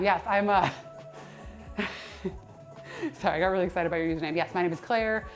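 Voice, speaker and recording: A woman's voice: fairly low pitch, brisk, pauses often, soft background music. Chatty tired woman streaming from the gym. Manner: chatty, rambling, lots of fillers and self-corrections. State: tired, a little out of breath between sets. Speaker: personal trainer and nutrition coach. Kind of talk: casual livestream chat while working out.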